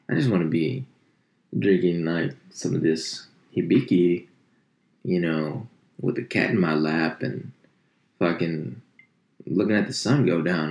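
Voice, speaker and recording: A very deep, gravelly male voice rambles through casual, profane chat, poking fun at himself as he goes. He speaks into a desk mic in an echoey room. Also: darkish tone. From United States. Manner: rambling, profane, self-mocking. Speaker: podcast host.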